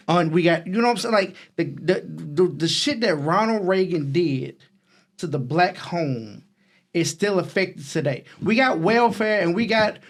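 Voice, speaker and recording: A man, co-hosting a casual podcast debate. He rambles, restarts sentences and stacks repeated words as he builds his point. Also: on the high side. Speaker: podcast co-host.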